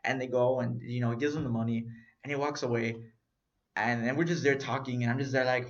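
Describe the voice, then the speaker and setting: A young man co-hosting a podcast, telling a story in casual chat, animated and swearing as he acts out what people said. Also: mid-range voice, quick pace. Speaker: podcast co-host. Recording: dull lo-fi recording.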